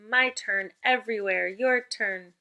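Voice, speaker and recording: A woman teacher leads a remote spelling lesson for young children, with call-and-response prompts. Her voice is bright and her tone is upbeat and encouraging. Her pitch sits in a middle range. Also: unhurried, creaky, dull audio.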